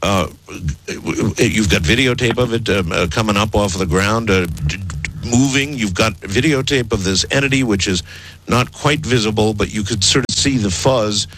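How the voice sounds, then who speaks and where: Low-pitched male radio host questioning a caller, halting and repetitive. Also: a bit bright, slight background noise, low-quality recording. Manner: probing, stumbles and repeats questions. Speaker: radio talk show host. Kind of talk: radio call-in interview.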